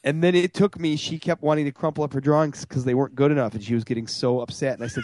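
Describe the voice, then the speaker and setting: A man's voice: on the high side, fairly even intonation, fast, hardly any pauses, a little mellow, dry recording. A man co-hosting a podcast, telling stories in casual chat with a self-mocking tone. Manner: self-mocking storyteller, acts out voices. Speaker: podcast co-host.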